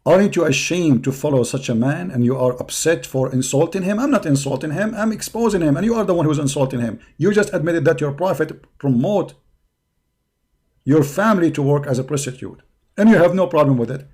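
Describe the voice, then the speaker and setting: Guy ranting on a livestream, voice worn out and hoarse, taunting and mocking, kinda higher pitched. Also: lively intonation, a little fast, darkish tone. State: hoarse from hours of talking. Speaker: live-stream host. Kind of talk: combative live-stream rant.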